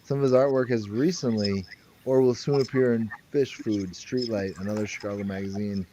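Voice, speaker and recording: A man's voice: lowish voice, steady tone, fairly quick, mellow, muffled recording, a little hiss or hum. A man co-hosting a casual online show, making dry jokes and reading a bio aloud.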